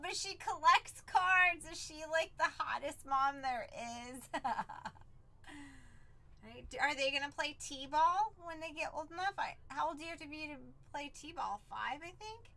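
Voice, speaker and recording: A woman chats away as a stream host, bubbly and quick to act out everyone's lines. Her voice sits high and bright. She sounds like she's talking to friends. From San Diego, Southern California. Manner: bubbly, chatty storyteller who acts out quotes. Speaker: livestream card break host. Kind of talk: casual live-stream chat.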